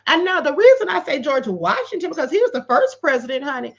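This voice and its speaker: A woman hosting a casual commentary livestream, sassy and animated, calling her viewers honey and reading out their comments. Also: sits high, quick pace, vocal fry, muffled recording.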